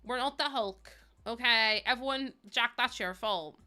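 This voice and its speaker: A young woman chats her way through a live game stream, teasing her viewers and laughing a lot as she reads their comments. Her voice sits a little high and rings bright and sharp. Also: unhurried, faint music behind. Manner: chatty and teasing, laughs often, reads out chat. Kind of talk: casual live-stream chat.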